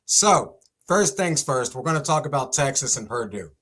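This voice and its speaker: A young man hosting a casual sports commentary segment, talking in an excitable, exclamatory way. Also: medium pitch, normal speed.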